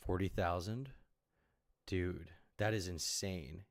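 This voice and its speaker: A man's voice: low-pitched, fairly even intonation, slow. A man streaming live, reacting to clips with sarcastic, mocking commentary and free swearing.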